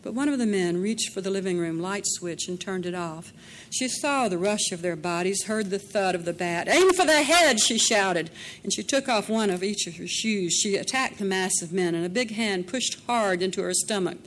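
A woman narrating a dramatic story in a measured way, slowing down in tense passages. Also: mid-range voice, a little hiss or hum. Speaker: audiobook narrator.

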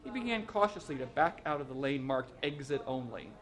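A man reading a short story aloud as narrator, in an even, measured way. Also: on the high side.

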